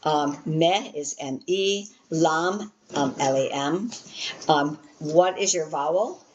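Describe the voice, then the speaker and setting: A woman with a deep, low voice leads a small language class. She walks through the lesson patiently, filling pauses with ums and restarting sentences as she goes. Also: a little mellow, dull audio, a little hiss or hum. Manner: patient, filler-heavy, restarts often. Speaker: Hebrew teacher. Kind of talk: casual class teaching.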